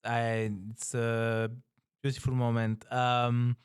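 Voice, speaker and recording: Male podcast host, mid pitch, smooth and clear voice, relaxed and easygoing. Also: takes it slowly, dry recording, clean studio sound. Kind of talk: casual chat.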